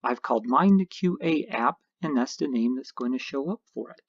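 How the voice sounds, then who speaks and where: A man's voice: mid-range voice, expressive, normal speed, slightly rough, no echo, dull audio. A man narrating a screencast tutorial, explaining each step patiently as an instructor.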